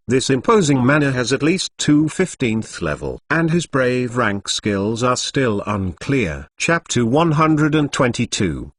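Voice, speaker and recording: A synthetic male voice narrating a translated web novel in an even, machine-read delivery. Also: mid-range voice, unhurried, hardly any pauses, no echo, studio quality. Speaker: audiobook narrator.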